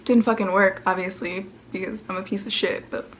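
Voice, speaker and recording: A faint hiss or hum sits under a young woman's mid-range, steady voice as she talks fairly quickly. The vlogger, in her late teens, delivers a profane, sarcastic storytime loaded with "like" and exaggerated impressions mocking other people.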